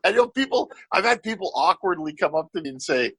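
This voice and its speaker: A middle-aged man hosts a podcast in a high, husky voice on a close, dry mic. He rambles with animated energy, laughs often and swears freely. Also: fast talker, no room sound, rough recording. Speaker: podcast host. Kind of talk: casual podcast conversation.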